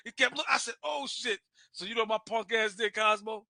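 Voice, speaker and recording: A man from Brooklyn, telling a rowdy story with laughs and shouted asides. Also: high-pitched, steady tone, fast talker. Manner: loud, laughing, acts out voices, swears freely. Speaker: guest storyteller. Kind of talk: animated storytelling.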